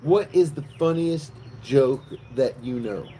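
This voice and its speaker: A man's voice: medium pitch, slow, dark tone, slight background noise. A man hosting a casual livestream, chatting playfully and telling a long joke. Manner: playful storyteller. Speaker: livestream host.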